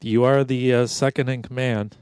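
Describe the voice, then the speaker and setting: A man's voice: mid-range voice, steady tone, normal speed, a little mellow, clear, resonant tone, no echo. A middle-aged man hosting a casual comedy podcast, teasing and sarcastic. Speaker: podcast host. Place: home podcast booth.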